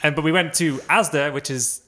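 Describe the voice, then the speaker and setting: Bright-voiced man telling a story. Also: fairly high pitch, brisk. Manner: hesitant, lots of ums. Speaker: podcast guest. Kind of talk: casual storytelling.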